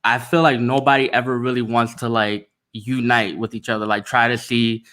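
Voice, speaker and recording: A man's voice: mid-range voice, flat delivery, moderate pace, fairly bright tone. A man speaking as a panelist in casual talk, earnest and full of "like" fillers.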